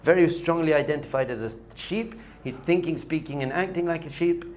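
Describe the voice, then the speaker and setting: Animated rabbi teaching a lesson. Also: male voice, on the high side, fairly quick. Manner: animated, repetitive emphasis. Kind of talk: Torah lesson with storytelling.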